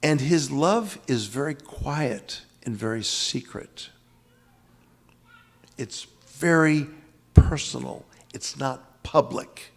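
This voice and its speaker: Slow and gravelly, with lively intonation in a mid-range voice, an older East Coast American man preaches. As a spiritual teacher, he lectures dramatically and emphatically on scripture, returning to key phrases to add weight.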